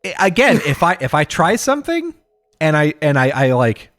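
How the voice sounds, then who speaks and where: Brief: self-deprecating guy on a podcast, expressive, full of fillers. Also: fairly high pitch, normal speed. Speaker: podcast co-host. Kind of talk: casual chat.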